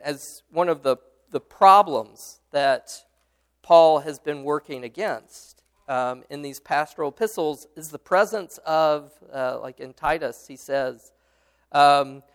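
Male Bible study teacher, gravelly voice, halting and patient, fairly high register. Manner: halting, many fillers and restarts; explains patiently, responds to students. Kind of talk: leading a Bible study discussion.

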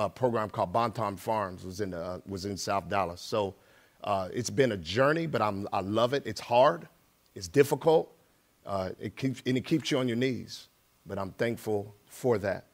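A middle-aged man, a guest preacher, speaking in a church in a plain, conversational way that grows more emphatic as he reads scripture. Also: mid-range voice. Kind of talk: sermon with prayer and scripture reading. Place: church sanctuary.

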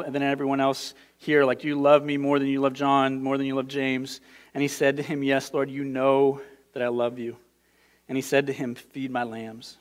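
Male pastor preaching, earnest and repetitive, a touch high-pitched. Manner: earnest, repeats words, builds to emphatic peaks. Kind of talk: sermon.

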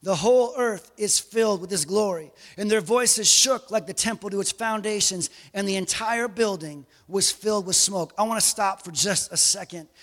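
A man preaching a sermon as pastor, animated, with joking asides and bursts of raised emphasis. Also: sits high, normal speed, hardly any pauses, big-room sound.

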